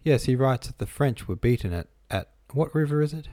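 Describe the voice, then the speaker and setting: A man voicing an irritable, peevish old prince who speaks gruffly and dismissively in an audiobook. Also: medium pitch, expressive, a little fast, warm tone, no echo, studio quality, pitched above the performer's own voice, lightly acted. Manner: gruff and dismissive, scornful laugh.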